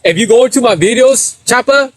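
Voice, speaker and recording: A man's voice: very high voice, brisk, no room sound. A middle-aged man from San Diego, chatting on a live stream, reading out viewer comments and telling stories in street slang while laughing often. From San Diego, USA. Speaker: livestreamer reading chat. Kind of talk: casual live stream chat.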